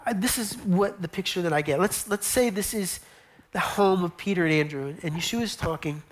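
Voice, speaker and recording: A woman's voice: lowish voice, moderate pace. A woman preaching a sermon, telling a scene with vivid retelling, drops to whispers for imagined dialogue, and often repeats and restarts her phrases. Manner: storytelling, acting out scenes with whispered asides.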